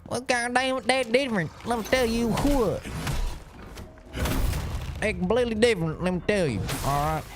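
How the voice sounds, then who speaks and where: A man's voice: sits high, moderate pace, pauses often, noisy background, voice pushed up, lightly acted. A man voicing a crass, brash young woman who gets defensive and repeats herself. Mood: indignant. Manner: defensive, drawling, repeats itself.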